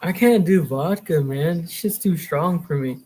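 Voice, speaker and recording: A man's voice: fairly high pitch, unhurried, noisy background. A man co-hosting a podcast, reminiscing in a laid-back, profane casual chat. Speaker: podcast co-host.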